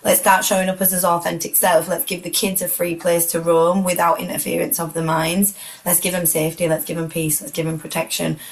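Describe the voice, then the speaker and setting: A woman's voice: fairly low pitch, little pitch movement, a little fast, vocal fry, poor audio. A woman, emotional and close to tears, talking earnestly and reflectively as a guest in a heartfelt conversation.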